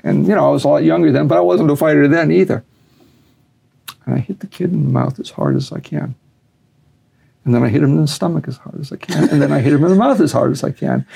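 A man with a gravelly, warm, slightly rough voice tells a long story with plenty of animation. Whenever he acts out what other people said, he raises his voice and pitch.

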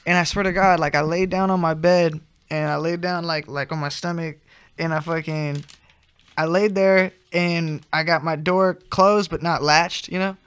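A man's voice: a little high, steady tone, normal speed, fairly bright tone, clean tone, no room sound. A man telling a rambling, profane story in casual slang.

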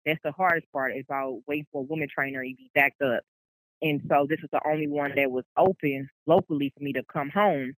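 A woman's voice: low voice, fairly even intonation, fairly quick, no room sound, low-quality recording. A woman truck driver, a guest on a casual interview, telling her story in a rambling way with many "like"s and restarts. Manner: rambling, quotes people, frequent "like"s and restarts.

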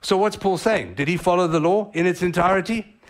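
A male pastor delivers a sermon in a slightly high voice, preaching animatedly and throwing in quick, casual asides.

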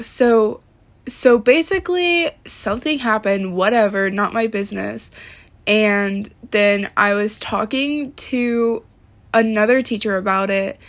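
Woman vlogger, rambling casual chat, lots of "like", higher voice, slow delivery. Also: fairly bright tone. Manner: rambling, heavy use of "like", frequent swearing. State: upset, close to tears. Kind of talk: casual rant to camera.

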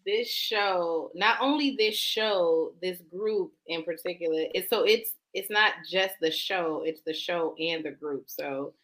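A woman's voice: on the low side, a little slow, hardly any pauses, a bit bright, poor audio. A woman co-hosting a podcast, talking in a blunt, brash, joking way. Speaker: podcast co-host. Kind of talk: casual chat.

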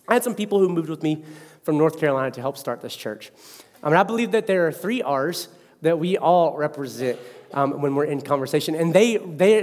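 A man preaching a sermon as pastor, animated and acting out the voices in his stories. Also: high voice. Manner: animated storyteller who acts out quotes. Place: church. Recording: long hall reverb.

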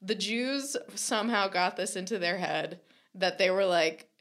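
A young woman tells a comic story on a podcast in casual conversation, swearing freely, acting out quotes and laughing a lot. Her voice is medium-pitched and fairly bright, and she speaks at a measured pace.

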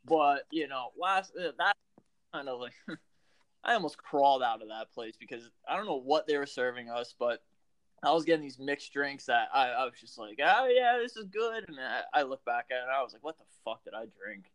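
A man's voice: mid-range voice, brisk, a bit bright, no echo. A man co-hosting a podcast, telling rambling, profane stories in casual chat.

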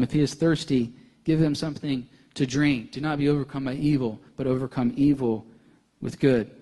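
A young male pastor preaching a sermon, earnest, building to intense emphasis and then dropping soft. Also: medium pitch.

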